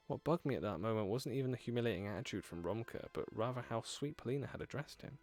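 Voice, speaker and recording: A man's voice: medium pitch, animated, fast, few pauses, darkish tone, faint music behind. A man streaming a horror visual novel, reading the story aloud dramatically with laughing asides. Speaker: gaming streamer.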